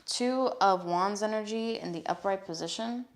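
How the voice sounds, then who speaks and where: A woman's voice: mid-range voice, normal speed. A young woman giving a casual live-stream tarot reading, chatty and frank, often swearing and checking in with "okay?". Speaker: tarot reader.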